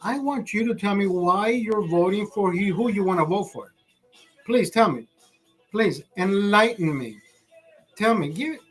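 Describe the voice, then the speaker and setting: A man's voice: sits high, lively intonation, unhurried, faint music behind. A man hosting a live stream, ranting in a rambling, profane way with laughing asides. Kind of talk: livestream rant.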